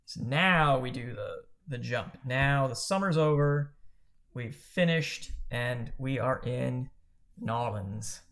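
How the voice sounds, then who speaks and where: A man's voice: mid-range voice, slow, fairly bright tone. A man co-hosting a podcast, casually chatting about a book in a rambling, self-correcting way. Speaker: podcast co-host.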